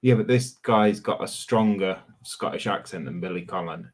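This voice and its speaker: A man's voice: on the low side, normal speed. A man, co-hosting a casual live chat stream and teasing his co-host. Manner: teasing, jokey. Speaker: livestream co-host.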